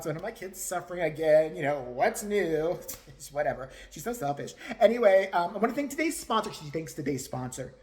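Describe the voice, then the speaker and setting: A man's voice: high-pitched, expressive, fairly quick, a little mellow. A male vlogger ranting crudely, mocking and laughing often as he talks. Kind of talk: profane rant commentary.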